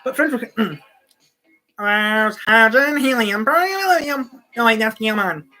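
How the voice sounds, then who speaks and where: A woman's voice: a little high, lively intonation, unhurried, bright, forceful tone, faint music behind. A woman hosting her own channel, chatting casually at home and restarting her sentences often. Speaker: channel host. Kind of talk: rambling casual talk to camera. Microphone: desk microphone.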